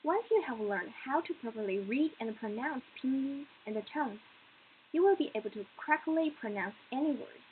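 A woman teaching pinyin in English, speaking slowly and deliberately and repeating each sound twice. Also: on the high side. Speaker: Chinese teacher. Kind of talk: pinyin lesson with spoken drills. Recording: tinny phone-like recording with faint hiss.

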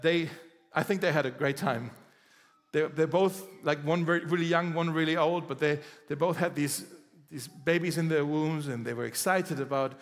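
A male pastor preaching a sermon in a conversational, animated way, acting out quoted dialogue. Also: fairly high pitch, long reverb tail. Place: church.

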